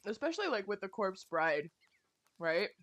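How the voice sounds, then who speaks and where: A woman's voice: medium pitch, moderate pace. Young woman, casual streamer rant, heavy swearing, exasperated. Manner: swears a lot, animated and exasperated. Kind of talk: casual rant while playing a game.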